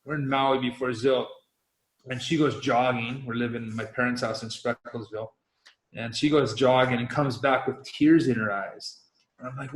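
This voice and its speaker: A middle-aged man with a medium-pitched voice and moderate pace tells a long story as a podcast guest, chatting casually and acting out how he reacted back then. He is a professional windsurfer. The recording has a roomy echo.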